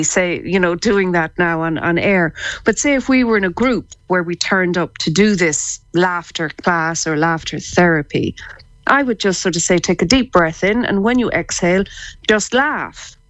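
A woman's voice: lowish voice, expressive, normal speed, fairly bright tone, no room sound, rough recording. A woman with an Irish accent, a psychotherapist speaking as a radio guest who laughs easily and repeats her words as she explains.

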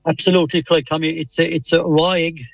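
A man's voice: fairly high pitch, flat delivery, fast talker, gravelly, dry recording. A middle-aged man from Cork with a strong Cork accent, a hesitant, friendly radio guest calling in, full of restarts and fillers. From Cork, Ireland. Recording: dull phone-line sound.

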